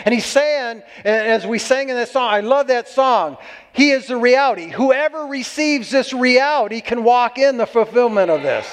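A man's voice: extremely high pitch, lively intonation, normal speed. A man preaching a sermon to a congregation, exuberant and whooping between points. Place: church hall. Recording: long hall reverb.

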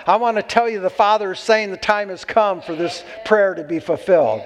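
A man's voice: high-pitched, fairly quick. A man preaching a sermon to a congregation, exuberant and whooping between points. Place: church hall. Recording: long hall reverb.

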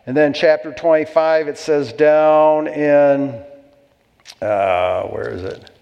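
A man's voice: fairly high pitch, slow, gravelly, clean tone, big-room sound, highs cut off. A man preaching a sermon as pastor, exhorting and calling for amens from the congregation.

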